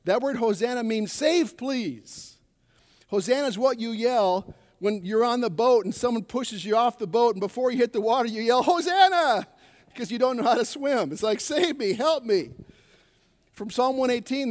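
High-voiced preacher in a reverberant hall. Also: male voice, a little mellow. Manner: preaching with call-and-response to the congregation. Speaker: pastor. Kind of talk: sermon. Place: church sanctuary. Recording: long reverb of a church hall.

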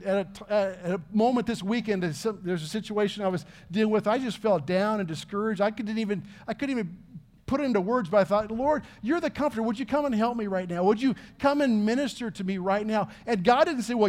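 A man's voice: high voice, expressive, brisk. A middle-aged man, preaching a sermon in an earnest, conversational way full of questions to the congregation. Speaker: pastor.

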